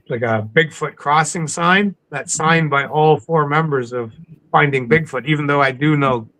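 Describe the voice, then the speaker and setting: A man from coastal British Columbia, a podcast guest telling stories in a casual interview, animated and acting out the people he quotes. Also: fairly high pitch, poor audio. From coastal British Columbia, Canada.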